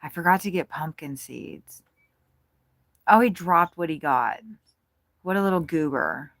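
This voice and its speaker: A woman's voice: fairly low pitch, unhurried, fairly bright tone, no room sound. Chatty giggly woman with a dry sound. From United States. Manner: chatty, giggly, swears freely. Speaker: bird-watching vlogger. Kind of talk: casual running commentary. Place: RV at a campground.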